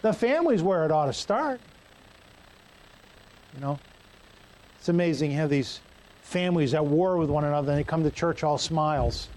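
Pastor guy preaching in church, chatty and jokey, voice a bit on the high side. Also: animated, normal speed, long pauses, a little mellow, rough recording. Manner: conversational, joking asides to the congregation. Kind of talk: sermon.

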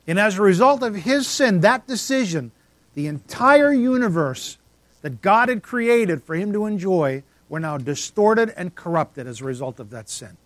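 Emphatic preacher man, higher voice. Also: animated, normal speed, no echo. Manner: emphatic, rising and dropping to near silence for effect. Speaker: pastor. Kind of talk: sermon.

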